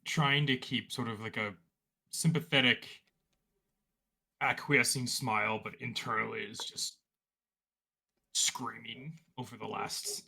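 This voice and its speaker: A man's voice: medium pitch, steady tone, takes it slowly, creaky, pauses often, pushed and bright, breathy edge. A man playing a character in a tabletop role-play, describing what she does in a hesitant, hedging way. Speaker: player.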